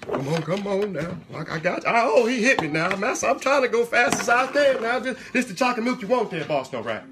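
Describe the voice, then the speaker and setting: A woman's voice: medium pitch, very animated, brisk, background noise, voice pushed up, lightly acted. A woman doing a frantic, stammering servant. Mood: frantic pleading. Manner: stammering, repeating words, begging. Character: frantic pleading old-time servant, fearful and hurried.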